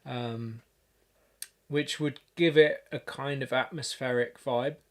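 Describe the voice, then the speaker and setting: A man chats his way through a music production livestream at an unhurried, slow pace, stopping often to gather his thoughts. His voice sits at an ordinary middle pitch, and his talk is loose and full of fillers and restarts as he thinks aloud at his desk mic. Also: steady tone. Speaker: music producer streaming a session.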